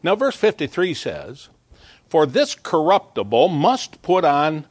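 A man's voice: on the high side, very animated, unhurried, no room sound. A man preaching a sermon as pastor, earnest and building to emphatic peaks, with small stumbling asides.

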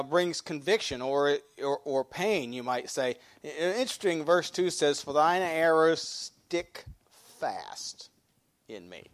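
Folksy male pastor preaching. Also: fairly high pitch. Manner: folksy, repeats and restarts phrases, reads scripture slowly. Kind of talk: sermon.

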